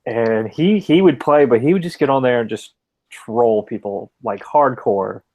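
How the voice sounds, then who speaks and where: Young man, casual podcast chat, rambling story, loose and profane, mid-pitched voice. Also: measured pace, warm tone. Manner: rambling anecdotal storytelling, swears freely, frequent "like" fillers. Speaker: podcast co-host telling a story.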